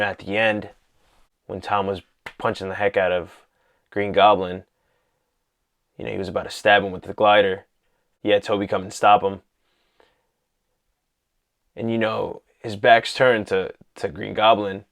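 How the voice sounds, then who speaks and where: Guy with a lowish voice rambling excitedly about a movie, lots of you know and like. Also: moderate pace, creaky, pauses often. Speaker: vlogger reviewing a film. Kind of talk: casual movie talk.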